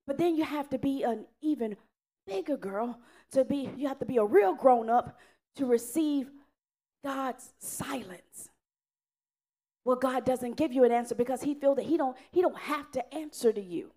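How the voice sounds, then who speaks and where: Casting: woman preacher, high voice, earnest sermon with loud rises and soft drops. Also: normal speed.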